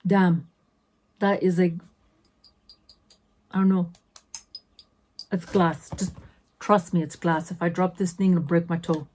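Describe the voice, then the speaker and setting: A woman's voice: fairly low pitch, flat delivery, slow pace, long pauses, darkish tone. Sassy, chatty woman in her fifties. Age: 50s. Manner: chatty, sassy, self-interrupting asides. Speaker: beauty vlogger. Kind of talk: casual unboxing chat.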